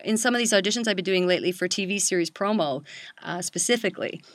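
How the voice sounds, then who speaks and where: Middle-aged lady host, lively chatty talk, laughs easy, dry close mic. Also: mid-range voice, no room sound. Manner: animated, quick to laugh, acts out quotes. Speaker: voice-over coach and host. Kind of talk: casual chat.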